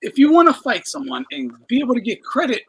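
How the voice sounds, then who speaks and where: A man's voice: very high voice, wildly swooping pitch, fast, fairly bright tone, slightly rough, poor audio. A man co-hosting a casual boxing talk show, swearing and breaking into coughs. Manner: coughing fits, profane. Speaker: boxing podcast co-host. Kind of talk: casual chat.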